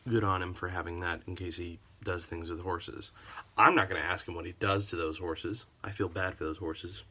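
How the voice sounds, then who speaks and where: A man's voice: sits low, steady tone, moderate pace, bright, forceful tone. A man telling a comic story about a customer in a sarcastic, theatrical way. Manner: theatrical, sarcastic, wildly varied delivery.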